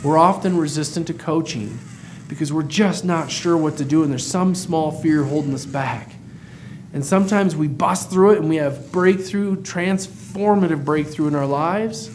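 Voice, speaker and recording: A man with a high, light voice gives a motivational talk as a practice coach. He speaks earnestly and with emphasis, and keeps putting rhetorical questions to his listeners. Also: moderate pace, darkish tone, slight background noise. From United States.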